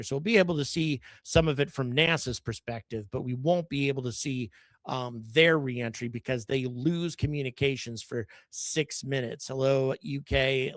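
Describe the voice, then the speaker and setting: A man's voice: medium pitch, no echo. A man hosting a live stream, chatting casually and greeting viewers by where they watch from. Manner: chatty, greets viewers by location in quick lists. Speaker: livestream host.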